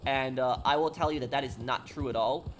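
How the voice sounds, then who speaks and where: A man's voice: mid-range voice, brisk, slight background noise. Chatty young man streaming a game. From New York City. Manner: chatty, answering viewer questions off the cuff. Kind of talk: casual live-stream chat.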